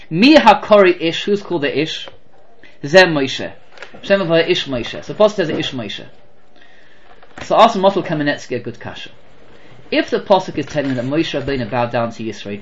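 A man teaching a class on the weekly Torah portion, animated and full of rhetorical questions. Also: fairly high pitch, normal speed, highs cut off. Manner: animated, rhetorical questions, mixes Hebrew terms.

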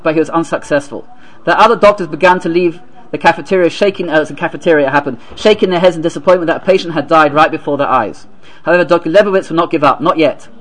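Guy giving a sermon, kinda high voice, stops and restarts a lot. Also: a bit bright, low-quality recording. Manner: halting, restarts and repeats words, then reads aloud steadily. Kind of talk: sermon with a read-out story.

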